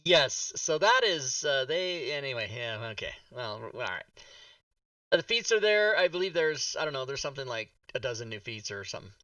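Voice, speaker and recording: Man, talk show host, bright tone, slightly off-mic, jokey rambling chat. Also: medium pitch, sing-song, dry recording, distant mic. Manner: jokey, rambling, quick asides. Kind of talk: casual streamed chat.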